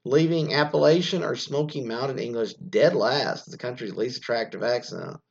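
A man's voice: mid-range voice, normal speed, gravelly, slightly rough. An American man giving rambling, opinionated podcast commentary, often restarting his sentences and reading news items aloud before going off on tangents. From United States. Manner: rambling, frequent restarts and fillers, reads news aloud then riffs. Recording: dull lo-fi sound.

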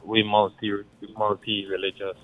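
A man's voice: fairly low pitch, flat delivery, moderate pace. A man calling in with a Guyanese accent, talking bluntly and rambling in creole-tinged phrasing. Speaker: caller. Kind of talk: casual call-in chat. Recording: tinny phone line.

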